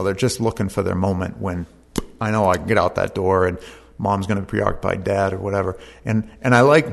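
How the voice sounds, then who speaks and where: A man's voice: fairly low pitch, vocal fry. A man preaching a conversational sermon in a church, reading scripture aloud and then explaining it in plain talk.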